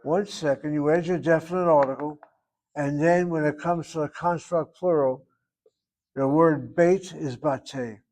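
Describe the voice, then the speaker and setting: A man's voice: on the high side, fairly even intonation, measured pace, darkish tone. An older man teaching a Hebrew grammar class, thinking aloud and reasoning back and forth as he explains.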